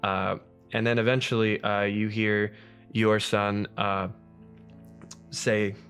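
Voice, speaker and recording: A man narrating a tabletop game as game master, halting with many restarts and fillers. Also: lowish voice, little pitch movement, fairly bright tone, smooth, soft background music.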